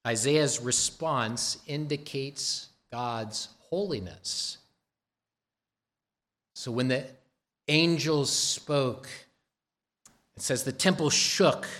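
A man preaching a sermon, slow and deliberate, stressing repeated words for emphasis. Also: mid-range voice, a bit bright. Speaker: pastor.

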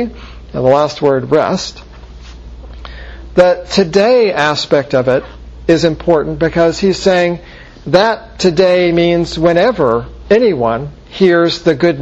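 A man preaching an expository Bible lesson, explaining verses step by step and checking in with the listeners. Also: fairly high pitch. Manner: explanatory, asks checking questions like "okay?" and "right?". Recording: dull lo-fi recording.

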